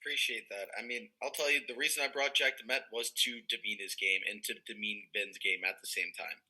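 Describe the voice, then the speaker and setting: Bright-voiced young man telling stories. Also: fairly low pitch, fairly quick, low-quality recording. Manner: animated storytelling, heavy "like" fillers, swears freely. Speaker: podcast panelist, former player. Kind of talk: casual chat.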